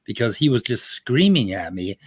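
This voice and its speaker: A man from the United States telling a story casually, animated and swearing often. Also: fairly low pitch, normal speed, slightly rough, dry recording. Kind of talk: casual conversation.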